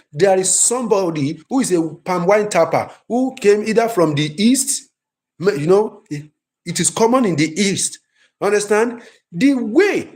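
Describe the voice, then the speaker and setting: Emphatic high-voiced man teaching. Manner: lively, emphatic, repeats himself. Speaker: film writing teacher. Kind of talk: live-streamed class.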